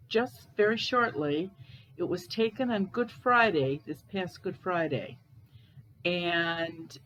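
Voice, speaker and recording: A woman from Cleveland, Ohio, telling ghost stories in a casual, halting way, with pauses and restarts. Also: lowish voice, a little hiss or hum, low-quality recording. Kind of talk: casual storytelling.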